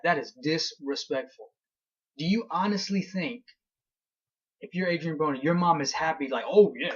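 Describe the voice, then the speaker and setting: A man's voice: fairly high pitch, a bit bright, husky, lo-fi sound. A young man ranting heatedly through a fight recap, blunt and profane. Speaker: vlogger.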